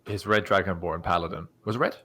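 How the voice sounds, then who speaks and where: A man's voice: sits low, fairly even intonation, fast talker, a bit bright. A man co-hosting a casual podcast about tabletop games, explaining rules with enthusiasm. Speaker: podcast co-host.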